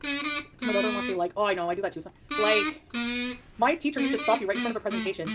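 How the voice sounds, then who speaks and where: A woman's voice: mid-range voice, lively intonation, racing, over a noisy crowd. A woman chatting casually on a live stream, reading her chat aloud and giggling often.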